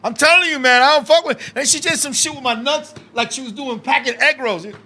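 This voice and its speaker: A man telling wild stories on a casual podcast, animated and profane, now and then bursting into shouts. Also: very high-pitched, fairly quick, a little hiss or hum. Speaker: guest, independent wrestler.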